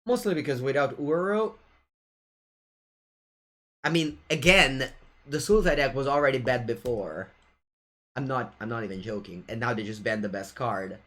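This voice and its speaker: Live-streaming a card game he's playing, this Italian-accented man keeps up a playful commentary for his viewers and teases his opponent. His medium-pitched voice has a fairly bright tone, and he moves at a moderate pace broken by long pauses.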